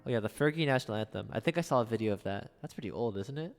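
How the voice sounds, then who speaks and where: A man streaming piano requests, chatting casually and wryly with his chat in a soft, drifting way. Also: lively intonation, very fast, creaky, long reverb tail. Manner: chatty, wry, drifts soft and low between songs.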